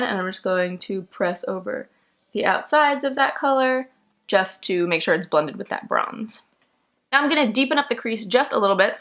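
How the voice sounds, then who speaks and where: Young female vlogger, casual step-by-step makeup talk, mid pitch, easy laughs. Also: fairly bright tone. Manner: chatty, step-by-step, laughs easily.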